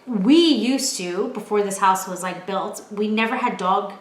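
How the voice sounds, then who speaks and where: A woman in her twenties telling stories from home in a casual chat, animated and laughing, with lots of filler "like". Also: medium pitch, unhurried. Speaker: vlogger, storyteller. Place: at home, in a room. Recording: roomy echo.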